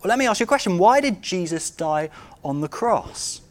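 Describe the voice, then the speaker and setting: Animated male preacher with a higher voice. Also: moderate pace. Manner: animated, rhetorical questions to the congregation; swings between loud outbursts and quiet, intimate tones. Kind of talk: sermon.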